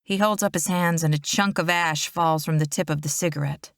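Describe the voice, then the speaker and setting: A woman narrates a first-person romance audiobook in a steady, intimate way. Her voice sits on the low side, and the close mic gives a dry, roomless sound. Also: a little fast, no room sound.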